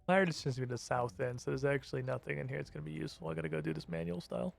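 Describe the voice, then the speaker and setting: A man's voice: on the high side, steady tone, racing, vocal fry, soft background music. A man streaming a video game, chatting casually, swearing and laughing as he plays. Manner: chatty, profane, laughs a lot. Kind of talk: casual gameplay commentary.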